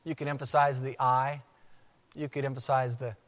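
A man preaching a sermon as pastor, with emphatic delivery that slows to repeat key phrases. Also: medium pitch, level tone. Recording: long hall reverb.

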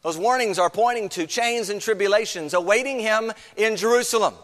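A man's voice: sits high, a little fast, fairly bright tone, in a large hall. A man preaching a sermon as pastor, earnest, with many rhetorical questions.

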